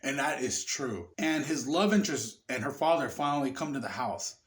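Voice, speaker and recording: A tipsy man rambling through a casual film review, swearing often and getting excited. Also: medium pitch, moderate pace. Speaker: movie reviewer.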